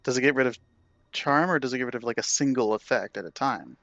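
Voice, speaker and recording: A man's voice: mid-range voice, lively intonation, fast talker, creaky, a bit bright, dry recording, muffled recording. A man playing a tabletop game, joking and arguing rules in casual chat. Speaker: player.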